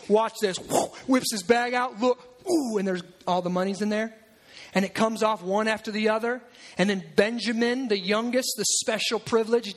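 A man preaching a sermon in a lively, conversational way, breaking into asides and acted-out quotes. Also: very high voice.

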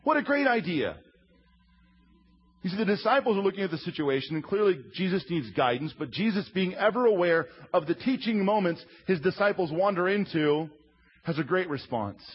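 A man in his thirties, a pastor preaching a sermon with humorous, animated storytelling. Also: sits high, a little fast, slightly rough. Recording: slightly muffled recording.

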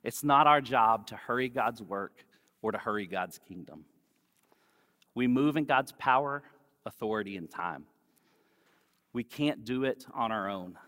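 A man preaching a sermon as pastor, speaking gently and conversationally and weaving in personal stories. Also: medium pitch, lively intonation, a little slow, pauses often. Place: church. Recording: long reverb of a church hall.

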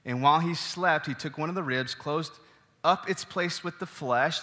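A man's voice: fairly high pitch, long reverb tail. A pastor preaching a sermon, teaching through scripture and putting questions to his listeners. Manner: animated, asks the congregation questions.

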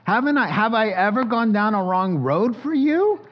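A man's voice: high voice, sing-song, moderate pace, voice pushed up. A man voicing an indignant female talking donkey who complains about being beaten, with a dull lo-fi sound. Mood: exasperated. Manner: exasperated, complaining. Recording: dull lo-fi recording.

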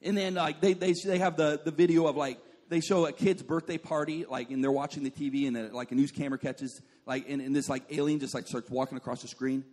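A man's voice: a little high, steady tone, fast talker, hardly any pauses, darkish tone. A man preaching a sermon as a pastor, joking and telling stories, often saying "like" and calling on the congregation to respond. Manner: joking, storytelling with asides to the congregation; says "like" often and calls for responses.

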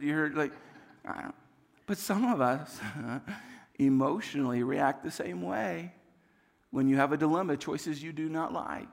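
A man pastor preaching a sermon, telling a funny story with self-deprecating humor and animated delivery. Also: high-pitched, big-room sound.

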